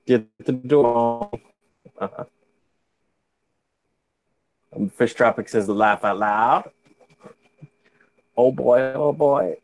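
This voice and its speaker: A man's voice: mid-range voice, very slow, long pauses, dark tone, soft background music. A tired man in laid-back chat, hosting a fishkeeping livestream from home and reading viewer comments aloud. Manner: laid-back, drawling, jokey. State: tired, yawning. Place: home, during a video-call livestream. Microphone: computer mic.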